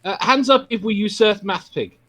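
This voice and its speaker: A man's voice: sits high, normal speed, a bit bright. A man on a group call who runs a quiz segment, playful and laughing often. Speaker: guest running a quiz. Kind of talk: casual chat on a video call.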